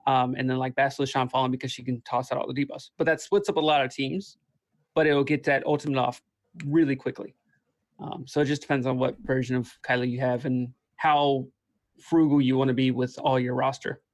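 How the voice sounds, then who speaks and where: A man explaining game tactics in a relaxed, casual way on a video call, with plenty of ums. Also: medium pitch, brisk, dry recording.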